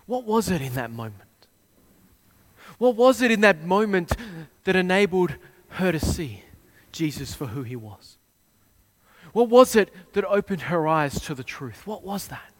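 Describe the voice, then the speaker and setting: A man preaching a sermon, retelling a scene with dramatic swings between hushed and loud delivery. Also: fairly high pitch, sing-song, moderate pace.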